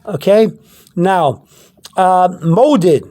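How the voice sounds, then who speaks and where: A man's voice: high voice, expressive, extremely slow, dark tone. A man giving an informal language lesson, pointing things out on a product label, often stopping, repeating words and checking in with "okay?". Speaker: language teacher.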